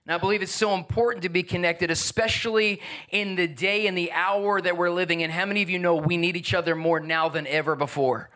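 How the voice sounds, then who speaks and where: A man's voice: sits high, pushed and bright. A man preaching a sermon, telling a personal story in a conversational way and asking the congregation questions. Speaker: pastor.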